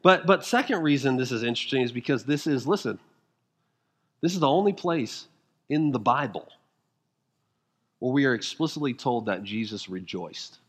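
A man preaching a sermon as pastor, emphatic and full of rhetorical questions, moving between quiet intensity and rising fervor. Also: mid-range voice, animated, normal speed, long pauses.

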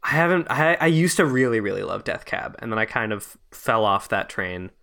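Low-ish, gravelly, and bright, a Canadian podcast co-host talks at a moderate pace with an expressive, forceful tone. He rambles through loose conversation, restarting often, piling on fillers, and laughing easily.

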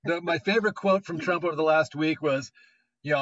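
A man co-hosting a podcast, talking in a casual, animated way and quick to joke. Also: on the high side. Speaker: podcast co-host. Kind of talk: casual conversation. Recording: dull lo-fi audio.

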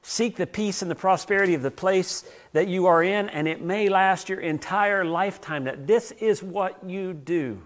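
A man preaching a sermon as pastor. He tells stories, swinging between loud passages and hushed ones. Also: high voice, moderate pace, few pauses.

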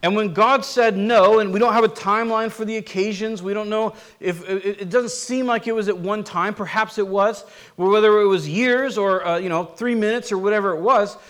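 A man preaching a sermon in a conversational, animated way, often acting out quoted voices. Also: high-pitched. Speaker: pastor.

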